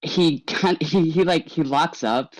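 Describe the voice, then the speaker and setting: A man playing a tabletop game, describing his shy character in a hesitant, halting way. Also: on the high side, dry recording, poor audio. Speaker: player.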